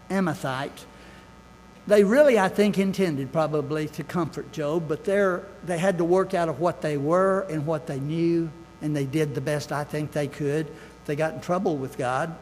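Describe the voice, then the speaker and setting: A man's voice: fairly high pitch, a little mellow, a little hiss or hum. Older man preaching in an echoing church. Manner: folksy and earnest, with asides and quotes of scripture. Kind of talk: sermon. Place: church sanctuary.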